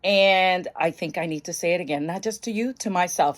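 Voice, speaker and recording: A woman's voice: fairly low pitch, a little fast, hardly any pauses. A middle-aged woman vlogging casually into her phone about mental wellness, bubbly and chatty. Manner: bubbly, chatty, bursts into laughs and shrieks. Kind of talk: casual chat to camera. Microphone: phone camera.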